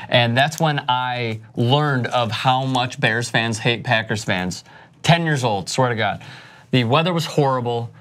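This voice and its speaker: A man's voice: medium pitch, unhurried, a bit bright. Wisecracking man in sports banter. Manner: joking, wisecracking asides. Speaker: sports show co-host.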